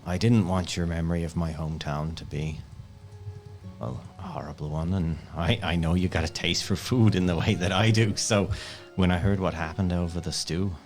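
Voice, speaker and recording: A man playing a tabletop role-playing game, speaking deliberately in character. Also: deep voice, a little mellow, soft background music. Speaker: player.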